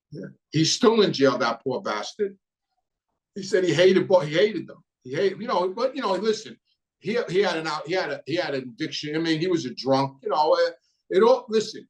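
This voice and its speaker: Man, middle-aged, New York accent, fairly high voice, blunt and profane, casual storytelling. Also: low-quality recording. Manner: blunt, profane, many restarts and "you know". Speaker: host telling a prison story.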